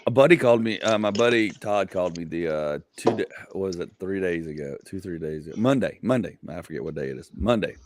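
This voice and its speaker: A man's voice: sits low, expressive, quick pace, few pauses, background noise. A man, a comedian hosting a casual chat, telling stories in a rambling way with many fillers and laughing asides. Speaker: comedian host.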